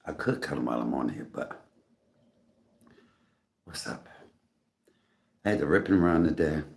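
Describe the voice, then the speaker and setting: Man, middle-aged, deep voice, gravelly, coughing, casual livestream chat, phone on a tripod at home. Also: expressive, a little slow, a little mellow. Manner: chatty, greets viewers by name, coughing between phrases. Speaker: livestream host. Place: home room.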